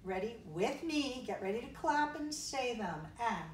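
Heard from afar in an echoey room with a faint hiss or hum, a woman with a rather high, sing-song voice teaches kindergarteners music. Cheerful and slow, she encourages the children, spelling, singing and clapping rhythms together with them.

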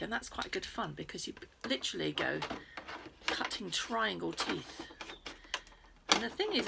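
British lady showing little kids a craft, bit of vocal fry, lively and chatty, hissy recording. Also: mid-range voice. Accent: British English. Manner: animated, playful, talks straight to children. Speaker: children's craft presenter. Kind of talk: crafting lesson for young children.

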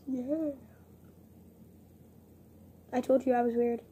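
A woman's voice: sits high, a little slow, gravelly, breathy edge, phone-quality sound. A young woman vlogging casually, chatty and giggly, rambling and poking fun at herself. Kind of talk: casual vlog chat.

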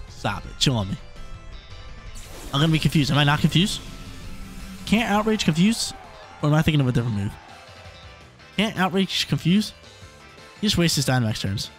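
A man hosting a gaming channel, chatting excitedly and thinking out loud as he commentates a video game battle, with a scratchy throat. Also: medium pitch. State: coughing, throat irritated.

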